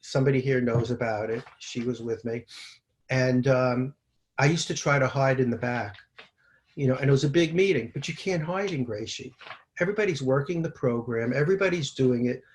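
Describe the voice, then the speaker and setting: A man in his sixties, from New York, sharing his recovery story at a twelve-step meeting over a video call, moving from a halting read-out timeline into loose, candid talk. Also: mid-range voice, a little hiss or hum. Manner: halting, reads terse timeline then talks freely. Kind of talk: personal recovery share. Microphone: video call mic.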